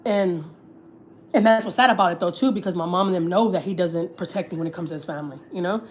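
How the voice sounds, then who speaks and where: Fast-talking woman from Texas. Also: fairly low pitch, a little hiss or hum. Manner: candid, frequent swearing and filler likes. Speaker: family vlogger. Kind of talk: casual livestream chat.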